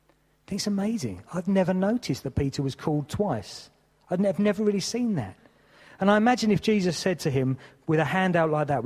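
A male preacher delivering an earnest sermon at a mid-range pitch. His voice carries a long hall reverb, and he acts out quoted exchanges, dropping to a hush and then rising again. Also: husky. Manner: earnest, acts out quoted dialogue with shifting volume. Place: church hall.

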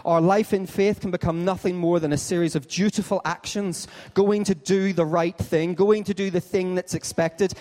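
A man preaching an Easter sermon in a rather high voice, with long reverb trailing behind every phrase in a large hall. He tells his stories animatedly and acts out each part of the dialogue. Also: steady tone, normal speed, hardly any pauses, darkish tone. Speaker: pastor.

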